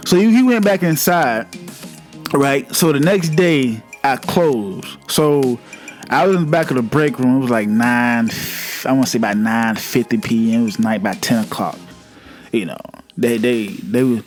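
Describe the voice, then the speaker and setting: A man vlogger telling a personal story in a casual storytime monologue, animated and repetitive, with a lot of profanity. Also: mid-range voice, normal speed, faint music behind.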